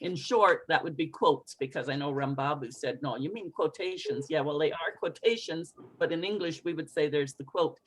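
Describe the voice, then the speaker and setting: A woman coaching English pronunciation in an online group lesson, expressive and encouraging as she models phrases for learners to repeat. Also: low-pitched, moderate pace, few pauses, slightly rough, low-quality recording.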